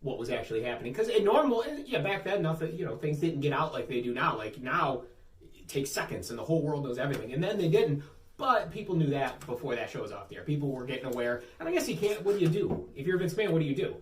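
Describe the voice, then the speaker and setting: A man's voice: fairly high pitch, quick pace. A man co-hosting a casual talk show, bantering and telling jokey stories with a Western New York accent. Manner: animated, jokey storytelling. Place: underground bunker room. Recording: echoey room, distant mic, faint hiss.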